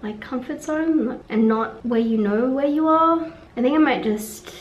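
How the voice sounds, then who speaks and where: A woman's voice: high-pitched, measured pace, reverberant, muffled recording. A young woman vlogging, talking frankly in a rambling way, swearing and trailing off. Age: young adult. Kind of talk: casual vlog monologue. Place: room at a conference venue.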